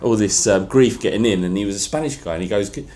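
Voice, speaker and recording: A man's voice: on the low side, quick pace, mellow, faint music behind. A man co-hosting a casual football podcast, telling rambling anecdotes full of slang. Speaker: podcast co-host.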